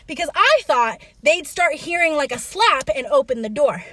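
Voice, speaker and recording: Young woman, high lively voice, dry close sound, casual storytelling, lots of fillers. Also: normal speed, dry recording. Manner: animated, acts out quotes, many fillers.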